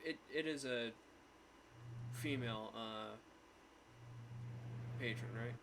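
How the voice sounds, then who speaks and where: A man's voice: mid-range voice, slow, creaky. Easygoing male game master, noisy line. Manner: apologetic, easygoing narration with fillers. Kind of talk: narrating a tabletop game. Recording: loud background noise.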